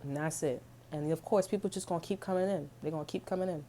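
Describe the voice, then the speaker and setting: A woman's voice: low voice, fast talker, mellow, slight background noise. A woman giving a casual tarot reading, chatty and slangy, swearing freely and humming little tunes between thoughts. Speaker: tarot reader.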